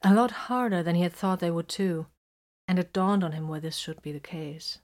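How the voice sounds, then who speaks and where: A woman reading a story aloud in a calm, even storytelling manner. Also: on the low side, normal speed. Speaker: reader.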